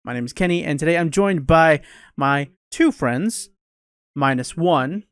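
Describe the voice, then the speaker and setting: A man's voice: fairly high pitch, lively intonation, unhurried, clear, resonant tone, no room sound. A young man from Minnesota hosting a casual podcast chat, rambling and swearing casually. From Minnesota, USA. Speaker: podcast host.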